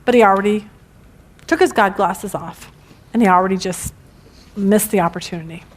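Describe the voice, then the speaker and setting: A middle-aged woman teaching a women's Bible study lesson, animated and emphatic, with frequent restarts. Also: medium pitch, moderate pace.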